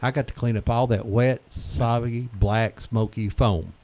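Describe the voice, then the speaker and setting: A man's voice: mid-range voice, fairly even intonation, a little slow, mellow. A man co-hosting a casual radio chat, telling stories in a chatty way and filling gaps with yeahs. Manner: chatty, storytelling, lots of yeahs.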